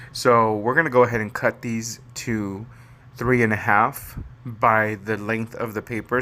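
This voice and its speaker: A man's voice: medium pitch, sharp tone. A man hosting a papercraft tutorial, talking casually and rambling as he explains each step. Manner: chatty, rambling, fond of pet phrases. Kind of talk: casual step-by-step craft demo.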